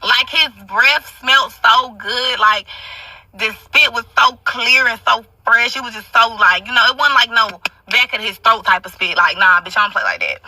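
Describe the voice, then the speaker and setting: A young woman spins a brash, profane storytime monologue, forever throwing asides to her listeners. Her voice is very bright and cutting. She sits a bit back from the mic in a dry, dead room. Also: a little high, expressive, moderate pace, dry recording, far from the mic, poor audio.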